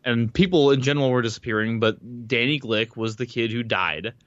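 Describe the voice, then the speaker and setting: A man at a medium pitch chats loosely on a podcast, recapping a book with plenty of restarts and the odd swear word. The sound is dry and a little dull, like a modest home mic setup. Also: a little fast, a bit bright, dry recording. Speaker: podcast co-host. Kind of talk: casual chat recapping a book.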